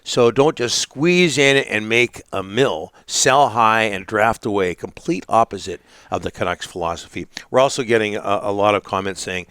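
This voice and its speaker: A man hosting a sports talk radio show, reading listener messages and sponsor spots in a casual, halting way. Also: fairly low pitch, a bit bright, smooth, no room sound, clean studio sound. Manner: casual, halting reads with many fillers.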